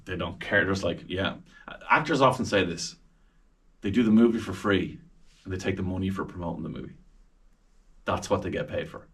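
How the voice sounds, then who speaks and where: A man's voice: sits low, fairly quick, long pauses, far from the mic. An Irish man, a radio presenter, chatting animatedly as a podcast guest about interviewing celebrities. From Ireland. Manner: chatty, animated, acts out quoted voices.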